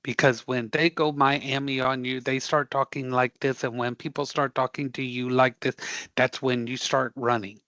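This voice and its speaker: A man teaching a live career prep class, animated and joking as he quizzes the students. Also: medium pitch, normal speed, no echo. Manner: animated, joking, audience-engaging.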